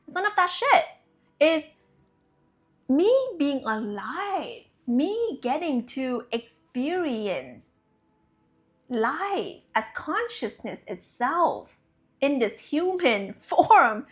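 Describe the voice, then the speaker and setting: A young woman, a spiritual coach, giving a casual, animated talk to her viewers, playful and quick to laugh, with casual swearing. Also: high voice.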